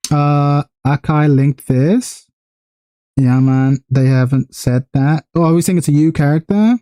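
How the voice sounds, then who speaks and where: This streamer's trailer reaction comes in a clear, resonant tone at a slightly slow pace. He's a man reacting casually and excitedly, cursing, and getting higher and louder as his hype grows.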